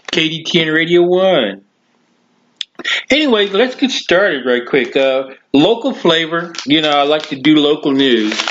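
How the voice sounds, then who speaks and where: A man's voice: on the high side, a bit bright, muffled recording, slight background noise. A man hosting his own talk podcast, rambling casually with many fillers and restarts. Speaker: podcast host.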